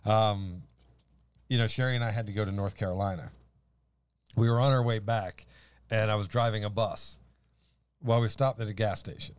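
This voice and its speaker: Man, deep-ish voice, lively laughing storyteller, dry close sound, faith talk co-host. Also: normal speed, pauses often, smooth, dry recording. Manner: animated, laughing storyteller with many restarts. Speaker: podcast co-host. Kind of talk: casual faith chat and storytelling.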